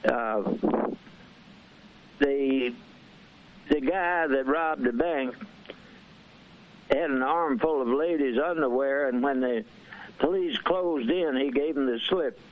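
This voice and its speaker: Slow, gravelly man on a muffled phone line. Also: mid-range voice, slight background noise. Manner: slow, halting delivery with restarts. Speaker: caller. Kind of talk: telling a joke on a call-in show. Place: basement apartment.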